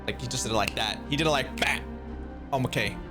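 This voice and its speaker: A man streaming a reaction to a game, talking casually with animated, exasperated outbursts. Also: medium pitch, fast talker, music in the background.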